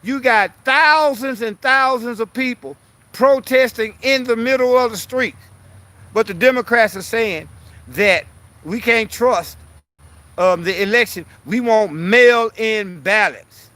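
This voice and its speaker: A man's voice: extremely high pitch, measured pace, sharp tone, dry recording. A man ranting bluntly and profanely as a political commentary vlogger, repeating himself to press his point.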